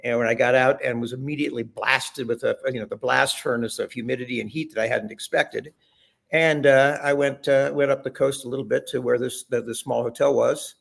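Gravelly older man telling stories. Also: mid-range voice, fairly even intonation, fairly quick. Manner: rambling anecdotes with many restarts. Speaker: guest, former chef. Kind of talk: conversational storytelling.

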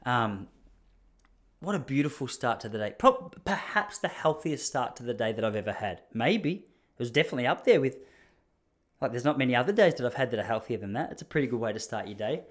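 A young Australian man telling a story in a casual, mock-indignant monologue. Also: brisk. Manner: animated, mock-indignant, jumps up high when acting out others.

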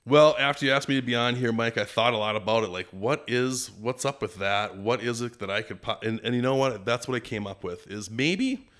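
A middle-aged man from Minnesota, a podcast guest telling stories in a casual, animated way and sometimes doing playful impressions. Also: medium pitch, a little fast, hardly any pauses. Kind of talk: casual storytelling interview.

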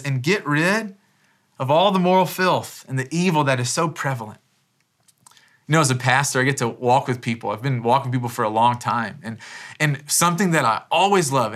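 Preaching in church, this pastor, in his thirties, has a medium-pitched, fairly bright voice. His delivery is casual and chatty, full of restarted phrases and the odd aside of "man."

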